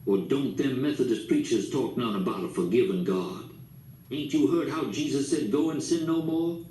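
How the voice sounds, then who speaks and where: A man doing a gruff, blunt old man. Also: medium pitch, normal speed, warm tone, close to an everyday voice. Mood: exasperated. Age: older. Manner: folksy dialect, blunt, exasperated. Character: gruff old Southern storekeeper, blunt, stubborn. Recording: echoey room, distant mic, faint hiss.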